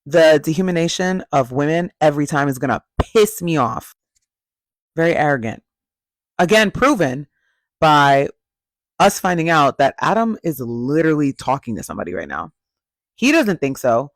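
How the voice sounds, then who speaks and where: A man recaps a reality TV episode in a casual, opinionated way, blunt and full of profanity. His voice sits a bit higher than most men's. The sound is dry and close, with no room echo. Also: very animated, normal speed.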